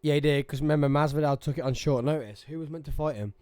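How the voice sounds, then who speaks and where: A man with a hoarse voice, chatting casually on a podcast, animated when telling stories. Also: a little high, fast talker. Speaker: podcast host. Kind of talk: casual chat.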